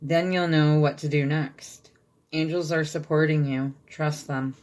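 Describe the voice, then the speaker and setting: A woman with a low voice gives a channeled tarot reading. She reads card texts aloud at an even pace and checks in with her listeners now and then. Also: a little slow. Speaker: tarot reader.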